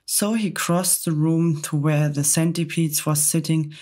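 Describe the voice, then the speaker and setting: A woman reading a storybook aloud in whispered role-play, her voice low and soft. She takes her time over each phrase, slow and hushed as in ASMR. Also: fairly even intonation. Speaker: storybook reader.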